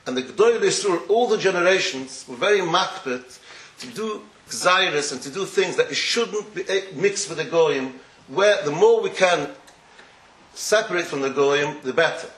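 Rabbi type, male, slightly high voice, rambling explanatory lecture, echoey room. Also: fairly bright tone, a little hiss or hum. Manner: digressive, explanatory, sprinkled with Yiddish and Hebrew terms. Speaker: rabbi teaching a class. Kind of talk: Torah lecture.

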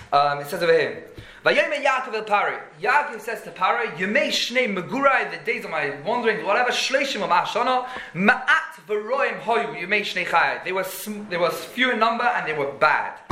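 A man's voice: high voice, sharp tone, echoey room. A man, giving a Torah class in an emphatic, conversational way, full of rhetorical questions. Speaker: Torah teacher.

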